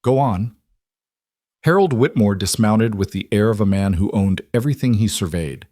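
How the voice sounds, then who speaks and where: A man narrating a scripted story in an even, measured way. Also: fairly low pitch, no echo, studio quality.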